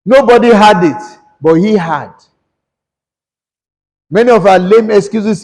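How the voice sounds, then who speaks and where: A man's voice: sits high, measured pace, long pauses, darkish tone, big-room sound. A man preaching a sermon, questioning the congregation and mixing English and Yoruba. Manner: switches between English and Yoruba. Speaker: pastor.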